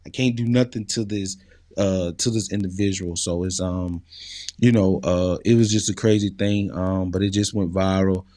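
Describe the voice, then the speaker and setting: Low-voiced man, earnest and casual. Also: steady tone, moderate pace, mellow, no echo, studio quality. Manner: earnest, conversational, many fillers. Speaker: interview guest. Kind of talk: casual interview talk.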